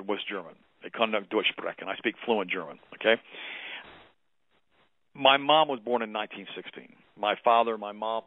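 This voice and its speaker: Fast-talking man in his fifties on talk radio. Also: fairly low pitch, dry recording. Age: 50s. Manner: rambling, emphatic storytelling with repeated "she goes". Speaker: radio show co-host. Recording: phone-like radio broadcast audio.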